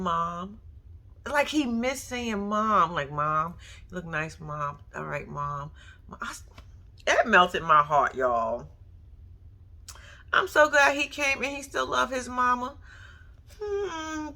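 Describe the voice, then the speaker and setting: A woman giving a blunt, profane, animated reaction commentary on a reality show, talking straight to her viewers. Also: mid-range voice.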